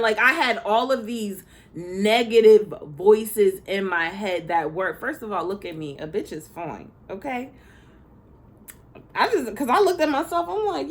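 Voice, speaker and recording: A woman's voice: mid-range voice, animated, measured pace. Candid, laughing woman talking spirituality. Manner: candid, swears, laughs often, talks straight to 'y'all'. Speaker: spiritual teacher, former schoolteacher. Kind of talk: casual spiritual talk to viewers.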